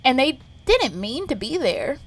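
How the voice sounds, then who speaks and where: A young woman co-hosting a podcast in casual chat, pausing often with fillers as she reads out facts. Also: high voice, sing-song, husky. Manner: hesitant, many fillers. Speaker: podcast co-host.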